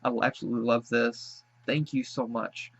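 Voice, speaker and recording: A man's voice: mid-range voice, little pitch movement, moderate pace, gravelly, husky, dry recording, highs cut off. A man hosting a reaction video, talking emotionally and gushing with thanks after having cried. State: teary after crying. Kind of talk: casual reaction commentary.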